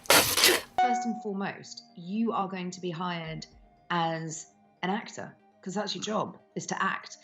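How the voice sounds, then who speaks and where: A woman's voice: fairly low pitch, highs cut off. A woman in her thirties, an actress talking candidly in an interview, frank and swearing freely between ums. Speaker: actress and voice actor guest.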